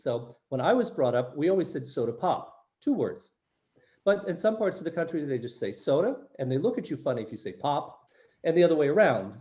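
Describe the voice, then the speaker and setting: A man's voice: fairly high pitch, warm tone. An older man with a US East Coast accent, explaining things to international students in an online workshop and often checking in with "right?". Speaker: workshop presenter.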